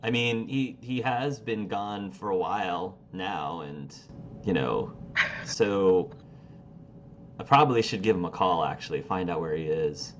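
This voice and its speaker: A man's voice: deep voice, slight background noise. A man playing a chatty, easygoing young male guitarist in a tabletop role-play, rambling with lots of fillers. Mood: relaxed. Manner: casual, rambling, drawn-out filler words. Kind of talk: tabletop role-play over phone call.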